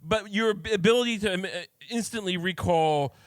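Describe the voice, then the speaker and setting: Casting: man, podcast guest, slightly high voice, halting deadpan delivery. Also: no room sound, clean studio sound. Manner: deadpan, halting, self-deprecating. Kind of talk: casual comedic banter.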